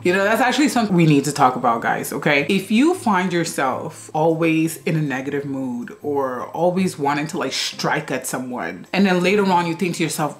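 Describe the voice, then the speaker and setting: Chatty low-voiced woman vlogger. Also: animated, fairly quick, few pauses. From Guinea-Bissau. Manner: chatty, rhetorical questions, frequent "you know". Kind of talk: casual advice vlog.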